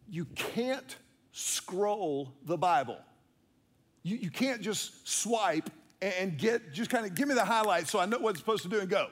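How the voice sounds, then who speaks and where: A man preaching a conversational sermon, with playful asides and repeated words for emphasis. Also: sits high. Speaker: pastor.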